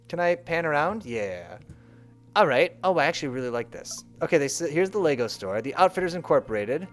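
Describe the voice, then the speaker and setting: A man talks casually while he plays a game live, jumping around in pitch and hamming up the dialogue. His voice sits a little high. Faint game music runs underneath. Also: very animated, fairly quick. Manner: playful, reads game dialogue aloud in voices. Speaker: streamer.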